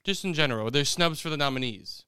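A man's voice: on the high side, expressive, fast talker, pushed and bright, clean tone, no room sound, clean studio sound. A man co-hosting a casual podcast chat, chatty and teasing as he runs an awards segment.

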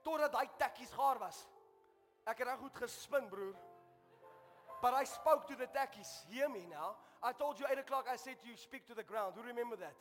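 Man, South African accent, pastor, high voice, impassioned sermon storytelling, long hall reverb, faint music behind. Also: normal speed, a bit bright. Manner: impassioned personal storytelling, calls out to the congregation. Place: church hall before a congregation.

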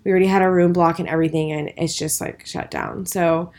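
A woman's voice: lowish voice, little pitch movement, fast talker, a little mellow. A tired, stressed woman co-hosting a casual podcast, talking in a rambling, hesitant way with lots of fillers. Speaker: podcast co-host. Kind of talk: casual chat.

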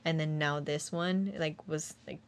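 A woman's voice: deep voice, steady tone, measured pace. Young woman telling a somber personal story. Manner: rambling, filler-heavy storytelling, acts out quoted speech. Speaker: guest sharing a personal story. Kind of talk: casual chat.

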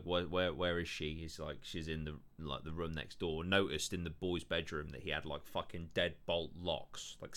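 A man's voice: sits low, sharp tone. A man hosting a podcast, telling stories in loose casual chat, full of fillers and swearing. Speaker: podcast host.

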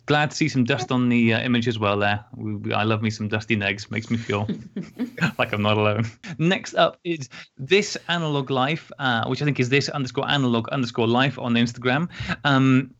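A man with a gravelly, crackly voice chats easily on a podcast, joking between comments on photos. His voice comes through a muffled, lo-fi call line. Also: mid-range voice, moderate pace, fairly bright tone. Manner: chatty and joking, with fillers. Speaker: podcast co-host. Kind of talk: casual podcast chat reviewing photos. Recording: dull lo-fi call audio.

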